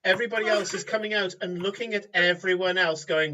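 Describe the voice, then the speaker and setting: A man's voice: high voice, fast talker, sharp tone, far from the mic, highs cut off, a little hiss or hum. A man narrating as game master, chatty and often laughing while he describes the scene.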